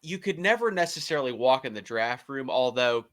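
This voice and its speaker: Bright-voiced man telling animated stories. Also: medium pitch, dry recording. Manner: animated, laughing, quick to do impressions. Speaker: podcast co-host, former team staffer. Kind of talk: casual podcast storytelling.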